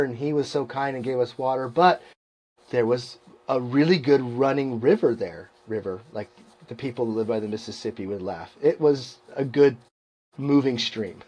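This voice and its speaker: A middle-aged man hosting a podcast, telling a long story in a casual monologue, laughing often and acting out the people he quotes. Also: fairly high pitch. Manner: animated, laughs often, acts out quoted voices. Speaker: podcast host.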